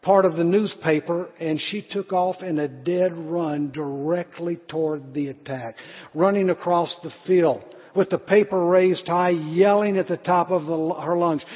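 A middle-aged man delivers an earnest sermon in a fairly high, husky voice, stumbling over a word now and then as he tells a story. The sound is thin and phone-like, with a long reverb trailing behind him. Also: steady tone, a little slow. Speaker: pastor.

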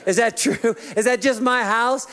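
Brief: Male pastor, higher voice, joking storyteller in the pulpit. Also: steady tone, moderate pace, sharp tone, clean tone. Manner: humorous, self-mocking storytelling. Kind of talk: sermon.

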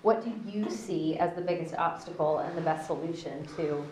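Woman moderator, low-ish voice, off-mic in an echoey room with faint background hum. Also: normal speed, darkish tone, recorded from a distance. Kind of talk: asking panel questions.

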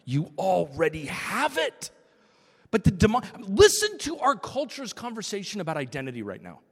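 A man's voice: high-pitched, huge pitch swings, normal speed, in a large hall. A man preaching a sermon as pastor, acting out quotes and dropping to a whisper for emphasis.

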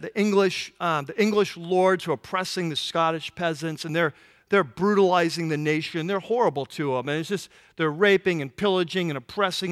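Guy preaching, pretty high voice, tells stories and does the voices, gets worked up. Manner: animated storytelling, acts out voices, rising intensity. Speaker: pastor. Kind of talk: sermon.

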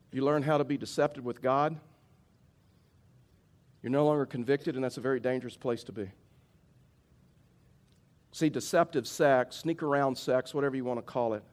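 A middle-aged male pastor preaching a sermon, mixing a humorous personal story with earnest teaching. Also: mid-range voice. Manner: storytelling, animated when telling the funny part, somber when preaching.

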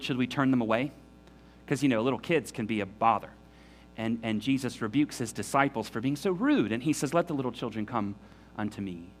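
A man preaching a sermon in an earnest, emphatic way, often restarting his sentences. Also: medium pitch. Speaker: pastor.

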